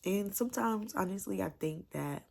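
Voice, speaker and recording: A woman's voice: mid-range voice, animated, normal speed, vocal fry, a little mellow. A woman giving a chatty, emotional book review, repeating herself as she gushes about the story. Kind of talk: casual book review vlog.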